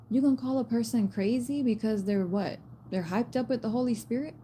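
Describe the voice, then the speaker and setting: A woman talks straight to her viewers in a loose spiritual message, blunt and fired up, dropping slang and swear words. Her voice is mellow and warm rather than bright. There is a faint hiss of noise behind her. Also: on the high side, moderate pace. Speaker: spiritual reader.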